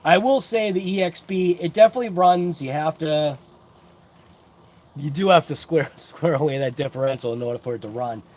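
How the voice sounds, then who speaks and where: The host of a casual hobby livestream speaks at a moderate pace in a slightly high, darkish-toned voice. Doing a laid-back unboxing with live chat, he rambles and says hello to viewers by name.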